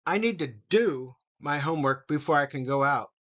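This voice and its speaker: A man teaching an English grammar lesson, slowly reading out example sentences. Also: on the high side, lively intonation, fairly bright tone, muffled recording. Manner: slow, deliberate, reads example sentences aloud.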